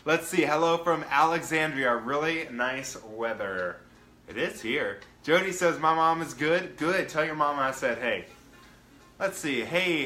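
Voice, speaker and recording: A man's voice: medium pitch, pushed and bright, echoey room, low-quality recording. A man hosting his own live-stream show, chatting casually and greeting viewers by name in an upbeat way. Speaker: livestream show host.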